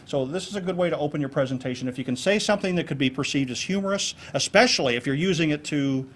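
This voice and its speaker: A man giving a keynote speech to a club audience on presentation skills, lively and jokey, acting out examples. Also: a little high, fast. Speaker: keynote speaker. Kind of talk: public speaking talk on presentation skills. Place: club meeting room with an audience.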